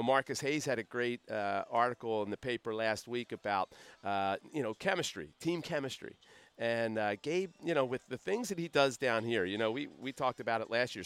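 A man hosting a casual chat from a broadcast booth, telling relaxed anecdotes. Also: mid-range voice, smooth, no echo. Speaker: podcast host.

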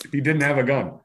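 A man spinning a hiking story for a podcast, loose and casual. He laughs often and slips into quick acted voices of the people in his tale. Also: mid-range voice, a bit bright. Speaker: podcast guest.

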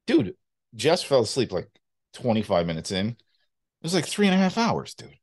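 A man's voice: medium pitch, moderate pace. A young man co-hosting a podcast, telling stories in casual chat and swearing now and then. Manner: animated storyteller, swearing casually. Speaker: podcast co-host.

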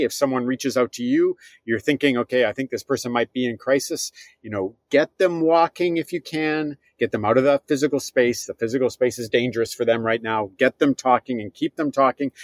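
A middle-aged man answering an interview question, speaking earnestly and plainly with gentle advice. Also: mid-range voice, dry recording. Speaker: guest, philosophy professor.

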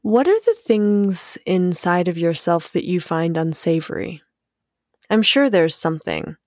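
A woman hosting her own podcast, talking alone in a musing, unhurried way, swearing freely and laughing often. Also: fairly low pitch, lively intonation, no room sound, studio quality. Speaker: podcast host. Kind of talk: casual solo podcast monologue.

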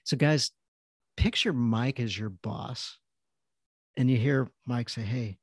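A man's voice: medium pitch, takes it slowly, pauses often, slightly rough, no echo, studio quality. A man hosting a podcast interview, encouraging his guest and coaching listeners directly. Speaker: podcast host. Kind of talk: casual interview talk.

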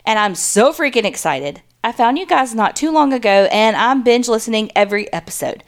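Woman, podcast co-host, casual asides, reads listener letters, mid-pitched voice. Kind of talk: reading listener stories aloud.

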